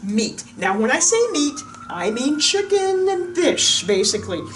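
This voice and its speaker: A chatty woman wellness coach talks through a diet list with lots of jokes and a lively, swooping pitch. She stands a little back from the mic, and faint room noise hums underneath. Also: a little slow, far from the mic. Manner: chatty, joking, animated. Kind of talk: casual diet talk to camera. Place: room with a whiteboard.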